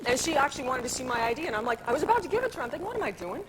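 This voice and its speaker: A woman's voice: high-pitched, very fast, over a noisy crowd. A woman from Canada, a talk show guest, telling anecdotes in casual chat and acting out the voices of people she quotes. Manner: animated storyteller, acts out quoted voices. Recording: noisy VHS tape of a TV studio.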